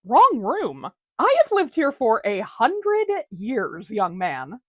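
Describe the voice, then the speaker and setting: Woman as a mocking, bawdy female ghost; lively, dry comedy read. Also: on the high side, slow, dry recording, full character voice. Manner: crude, teasing, mocking. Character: bawdy prankster female ghost, over a century old. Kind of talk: comedic audio drama.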